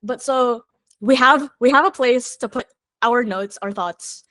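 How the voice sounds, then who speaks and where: A woman songwriter talking as a podcast guest in a candid, chatty way, thinking out loud as she goes. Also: on the high side, unhurried, no echo.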